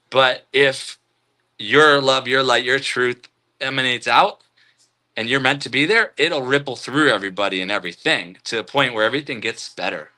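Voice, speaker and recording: A man with a very bright, ringing voice hosts a casual live stream. He reads comments aloud and drifts into relaxed spiritual musing, chuckling as he goes. His pitch sits in an ordinary middle range. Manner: laid-back, spiritual musing, chuckles often.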